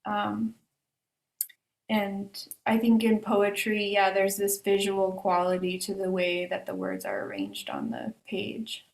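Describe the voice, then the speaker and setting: A woman's voice: mid-range voice, takes it slowly, gravelly. A woman artist answering questions over a video call, talking casually and hesitantly with many fillers and restarts. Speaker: artist discussing her exhibition. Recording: roomy echo on a video call.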